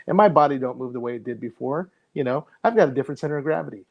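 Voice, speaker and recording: A middle-aged man with a mid-pitched voice co-hosts a casual podcast. He talks in a lively way and laughs often. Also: rapid-fire, few pauses. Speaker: podcast co-host.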